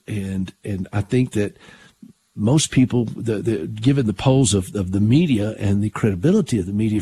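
Older male talk host, husky, conversational, stops and restarts his thoughts. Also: medium pitch, darkish tone, dry recording. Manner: earnest, conversational, with frequent restarts. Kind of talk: conservative Christian talk radio.

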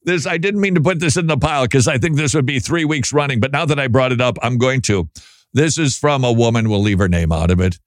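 Man, talk show host, wry and chatty, mid-pitched voice, dry studio sound. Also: quick pace, no room sound. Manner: chatty, wry, reads listener emails aloud. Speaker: Christian radio host. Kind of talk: casual talk show commentary.

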